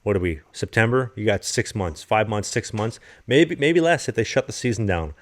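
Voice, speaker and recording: A man co-hosting a podcast, chatting casually and telling animated stories with plenty of swearing. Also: on the low side, moderate pace. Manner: animated storyteller, swears freely. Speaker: podcast co-host.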